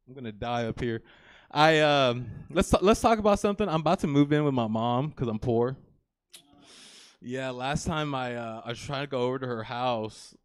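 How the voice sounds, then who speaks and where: Performing stand-up live at a comedy theater, a young man in his twenties rambles crudely, sprinkling in "you know" and "like." His medium-pitched voice is expressive, clear and resonant at a moderate pace, recorded in clean studio sound without room noise.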